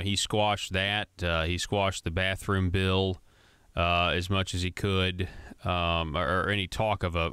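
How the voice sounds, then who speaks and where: A man with a low, smooth and resonant voice hosts a talk radio show, recorded dry and close in the studio. He asks his questions casually, with plenty of fillers. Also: fairly bright tone, no room sound. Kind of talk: radio interview.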